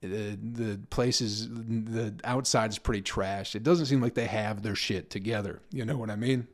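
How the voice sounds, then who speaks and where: A man's voice: on the low side, fairly even intonation, normal speed. A young adult man, a comedian hosting his own podcast, rambling casually, swearing freely and laughing at his own stories.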